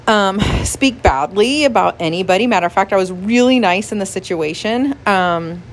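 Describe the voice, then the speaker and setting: A woman speaking as a pastor's wife in a relaxed devotional talk. Her voice sits at an ordinary middle pitch. She talks earnestly and with feeling, laughs often and leans on "like" as she speaks. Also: slight background noise. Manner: emotional, earnest, frequent laughs and "like" fillers.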